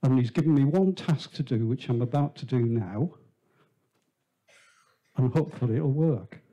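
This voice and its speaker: A man's voice: mid-range voice, expressive, normal speed, dark tone. A man introducing a performer to a small live theatre audience, chatty and teasing, telling a joke with quoted voices. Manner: chatty, teasing, tells a shaggy-dog joke. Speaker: venue host introducing the performer.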